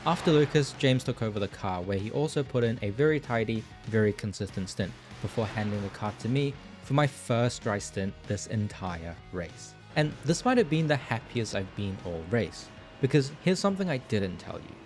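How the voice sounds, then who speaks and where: A man's voice: lowish voice, normal speed, hardly any pauses, faint music behind. A young man hosting a sim racing video, narrating his team's endurance race and joking with teammates over voice chat. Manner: lively, laughs often with teammates.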